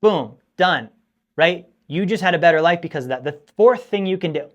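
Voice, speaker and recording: Male host, slightly high voice, lecturing viewers on money, emphatic and scolding. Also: expressive, normal speed, lo-fi sound. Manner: emphatic, scolding, repeats points for stress. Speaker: finance show host. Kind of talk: direct-to-camera teaching monologue.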